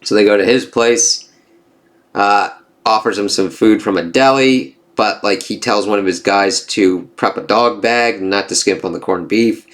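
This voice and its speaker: Casual and foul-mouthed, a man works through a comic book review, voicing the dialogue and reacting fast with frequent swearing. His voice leans low but has a bit of brightness.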